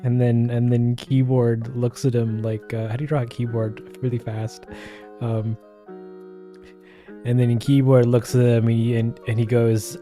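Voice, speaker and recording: A man's voice: medium pitch, little pitch movement, measured pace, dark tone, soft background music. A man chatting casually and playfully while drawing live on stream, often laughing.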